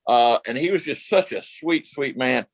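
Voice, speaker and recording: A man recounts his past in a relaxed interview, rambling and circling back with fillers. His voice sits at an ordinary pitch. The sound is dry and close. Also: normal speed, no echo, low-quality recording. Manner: rambling, many fillers and restarts. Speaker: actor guest. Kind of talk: casual interview storytelling.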